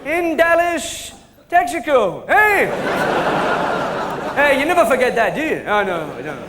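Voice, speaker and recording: A man's voice: very high voice, very animated, a little slow, a loud crowd, heavily acted. A man with a Scottish accent impersonating a rambling, forgetful older football pundit who loses names mid-sentence. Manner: rambling, forgetful, full of "you know" and "eh?". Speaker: comedian doing an impression. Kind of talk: live sketch comedy. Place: live stage before an audience. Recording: live hall with audience and noise.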